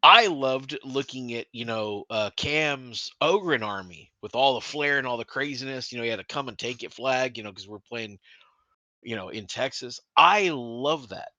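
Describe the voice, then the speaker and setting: A man co-hosting a casual hobby podcast, talking with animated energy, swearing freely and restarting sentences. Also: mid-range voice, normal speed, no echo, lo-fi sound. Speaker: podcast co-host.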